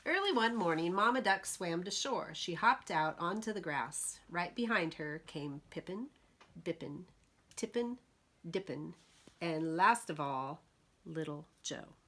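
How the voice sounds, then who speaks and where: A woman librarian reading a picture book aloud to preschoolers, slow and expressive, pausing to ask the children questions. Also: lowish voice.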